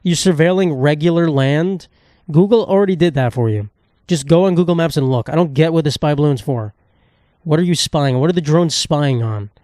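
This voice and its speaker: A young man in his twenties rants through a solo comedy podcast. He is profane and rambling, and keeps jumping into silly put-on voices. His voice is a little high and sounds close and dry. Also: normal speed, a little mellow, no room sound. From United States. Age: 20s. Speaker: podcast host.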